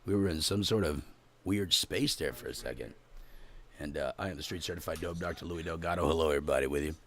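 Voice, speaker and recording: Hoarse deep-voiced man hosting. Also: fast, a bit bright. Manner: playful, laid-back banter. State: hoarse, losing his voice. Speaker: host. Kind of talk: casual live show chat.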